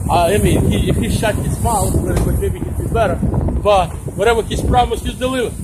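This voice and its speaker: A high-pitched man talks bluntly and with strong opinions, in broken English. He is recorded outdoors on a busy street, with loud traffic noise all around him. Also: a little fast. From Russia. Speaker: interviewee. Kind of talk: street interview.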